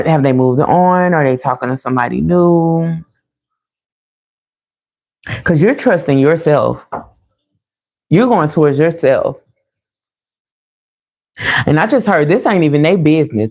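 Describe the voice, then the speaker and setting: A woman's voice: low-pitched, expressive, measured pace, gravelly, pauses often, a little mellow. A woman giving a casual, chatty tarot reading to her viewers, laughing often and calling them y'all. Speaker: tarot reader.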